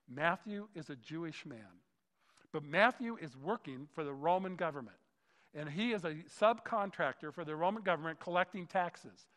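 A fairly high-voiced man preaching to his congregation. He talks in a relaxed, conversational way and slips into quick back-and-forth dialogue, with a long reverb from the church hall around him. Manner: conversational, acts out skeptical dialogue. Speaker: pastor. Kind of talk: sermon.

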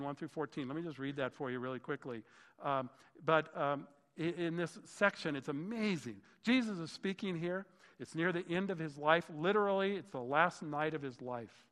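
A man's voice: on the high side, a bit bright. A man preaching a sermon as a pastor, enthusiastic and often exclaiming in wonder. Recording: long reverb of a large hall.

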